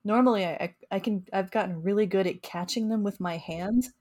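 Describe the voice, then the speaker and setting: A woman's voice: mid-range voice, fairly quick, darkish tone. A young adult woman, a researcher, chatting casually on a podcast and explaining with frequent laughs and restarts. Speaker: mosquito researcher and co-host.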